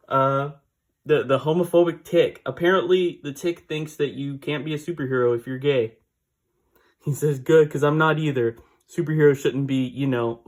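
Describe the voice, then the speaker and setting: A man casually recapping a comic book issue, rambling with fillers and small laughs. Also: fairly high pitch.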